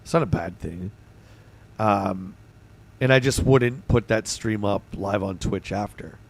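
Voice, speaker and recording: A man hosting a livestream in casual chat, his voice hoarse and gravelly, bantering excitably with his viewers. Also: on the low side, measured pace, slight background noise. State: hoarse, voice going. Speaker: livestream host.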